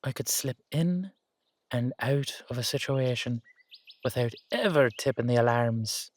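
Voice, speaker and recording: A man's voice: mid-range voice, unhurried, no echo, close to an everyday voice. A man voicing a wary older Irish uncle, a retired safecracker, with a sly, teasing drawl. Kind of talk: audio drama acting.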